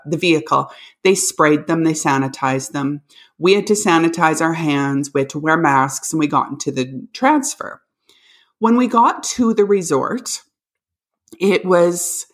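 Vlogger mom from Canada, low voice, chatty storyteller who laughs as she goes. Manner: animated, laughs while telling. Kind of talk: casual storytelling.

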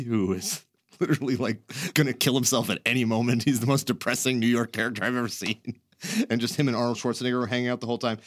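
A podcast host with a fairly low voice chats casually, rambling through his stories with frequent laughter and offhand swearing. The recording is studio quality with no echo.

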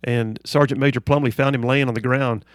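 A man's voice: medium pitch, steady tone, brisk, no echo. A male radio talk show host in a studio, delivering an emphatic monologue and repeating phrases for emphasis. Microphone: studio microphone.

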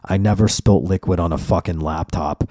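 A man with a low, dark, mellow voice rants emphatically through a casual solo podcast monologue, swearing freely. The sound is dry and close. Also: normal speed, dry recording. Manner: profane, emphatic ranting. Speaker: podcast host and comedian.

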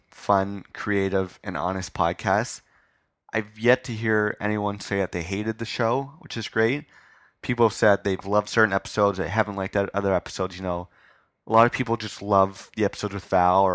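A man's voice: low-pitched, fairly bright tone, no echo. A man hosting his own podcast, talking in a rambling, self-mocking way with filler words, live on a stage. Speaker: podcast host. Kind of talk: casual live interview. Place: live stage before an audience.

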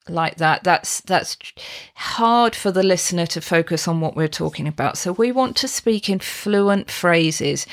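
Slow-paced British woman voice coach. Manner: upbeat, laughs lightly, demonstrates pitch patterns. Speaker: podcast host and performance coach. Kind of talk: podcast voice coaching with spoken demonstrations.

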